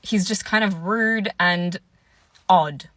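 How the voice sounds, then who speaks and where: A woman's voice: medium pitch, takes it slowly, fairly bright tone, no echo. A woman in her twenties telling a dating storytime in a chatty, candid way, full of "like". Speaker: vlogger.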